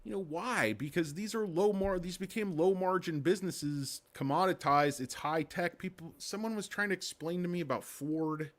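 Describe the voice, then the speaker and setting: A man's voice: high voice, normal speed, hardly any pauses. A man hosting a casual stock market livestream, rambling and sarcastic, with crude jokes and lots of fillers.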